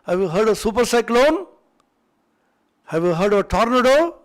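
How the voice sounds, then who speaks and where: A blustering male wind god who boasts loudly and pelts his listener with questions, as a male teacher voices him in a retold myth. The voice stays fairly high for a man. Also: big pitch swings. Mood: bragging. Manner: loud, bragging, rapid-fire questions.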